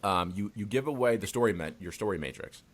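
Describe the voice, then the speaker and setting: Male podcast host, deep voice, laid-back conversational delivery with casual profanity. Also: quick pace. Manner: relaxed, swears casually, laughs often. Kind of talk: casual interview chat.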